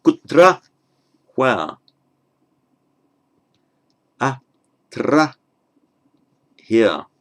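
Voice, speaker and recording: A man's voice: mid-range voice, big pitch swings, drawn-out words, long pauses. A man giving a patient step-by-step language lesson, spelling out terms carefully with frequent ums and small restarts. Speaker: Sanskrit teacher.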